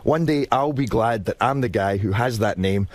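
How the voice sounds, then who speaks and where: A Scottish man, an actor guest, chatting in a radio interview with quick restarts and animated storytelling. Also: lowish voice, no echo. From Scotland. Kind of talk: casual radio interview chat.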